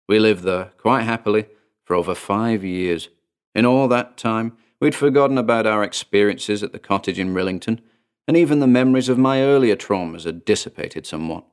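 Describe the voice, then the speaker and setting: A man narrating his own first-person horror story in a measured, deliberate way, slowing down on key phrases. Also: fairly low pitch. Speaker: narrator and author.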